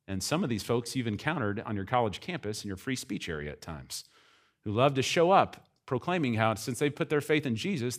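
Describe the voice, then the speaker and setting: A man preaching a sermon as pastor, emphatic, with wide swings between quiet and loud. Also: medium pitch.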